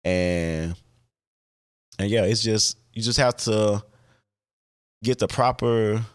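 A man's voice: on the low side, takes it slowly. A man hosting a podcast, talking alone in a casual, candid way, with many fillers and restarts and casual swearing. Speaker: podcast host.

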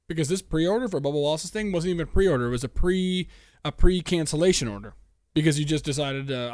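A man's voice: fairly high pitch, fast, no echo, studio quality. A young man hosting a solo podcast, ranting with lots of swearing and stammered restarts. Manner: profane, animated ranting with frequent stammered restarts. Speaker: podcast host.

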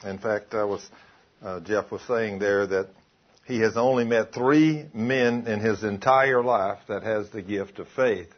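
Husky preacher, lo-fi church recording. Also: male voice, on the low side, unhurried. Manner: retells dialogue, quoting both sides. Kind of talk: sermon with told stories.

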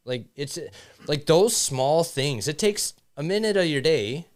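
A man co-hosting a casual podcast, talking in an earnest, reflective way with halting restarts. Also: on the high side, lively intonation. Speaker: podcast co-host. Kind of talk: casual chat.

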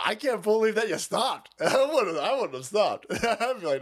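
A man's voice: high-pitched, sing-song, normal speed, hardly any pauses, breathy edge. A man hosting a stream, ranting profanely while reacting to videos, laughing often and breaking into mocking squeals. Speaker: streamer host.

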